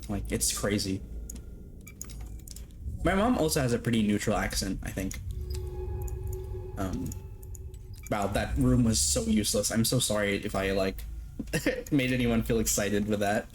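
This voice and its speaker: Young male streamer, casual live chat, low-ish voice, giggly and loose, faint hiss behind. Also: measured pace, pauses often. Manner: chatty, laughs often, loose and profane. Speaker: game streamer.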